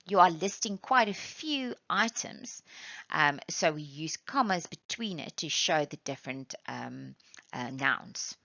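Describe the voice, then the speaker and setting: A woman teacher from South Africa giving a lesson, patiently explaining step by step and reading examples aloud slowly. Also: low voice, expressive, gravelly, bright, forceful tone, dry recording. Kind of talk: classroom lesson. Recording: dull, lo-fi sound.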